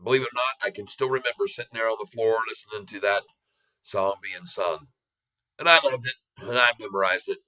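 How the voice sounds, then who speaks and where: A man's voice: on the low side, fairly quick, pushed and bright, low-quality recording. An older man giving casual, confident stock chart commentary, joking and chuckling often. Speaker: stock market vlogger.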